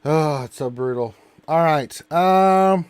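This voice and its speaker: A man's voice: a little high, slow pace, clean tone, no room sound. A man hosting a casual gaming live stream, talking while he plays and groaning at the game. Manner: distracted, exclaiming while playing a game.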